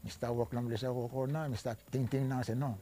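Older Ni-Vanuatu man, dark mellow voice. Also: medium pitch, steady tone. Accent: Bislama-speaking Ni-Vanuatu. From Vanuatu (New Hebrides). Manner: halting, with many restarts and fillers. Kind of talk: recounting personal history.

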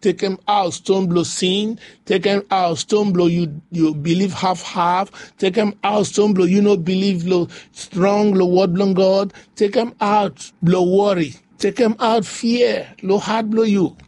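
A man's voice: high voice, fairly even intonation, unhurried, few pauses, darkish tone, dry recording. A man preaching a devotional sermon, repeating phrases in a rhythmic, rising way. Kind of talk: devotional sermon in pidgin English.

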